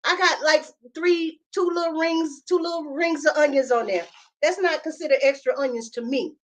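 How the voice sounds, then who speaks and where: Brief: woman podcast co-host, high voice, emphatic and indignant, repeats herself for effect. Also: moderate pace. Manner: emphatic, indignant storytelling with lots of repetition. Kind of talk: casual chat, storytelling.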